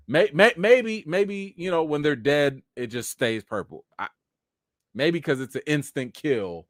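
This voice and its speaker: A man's voice: on the high side, expressive, slow, no echo, studio quality. A man hosting a live chat reaction and review of a TV episode, talking casually with lots of "you know" fillers. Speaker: show host and reviewer.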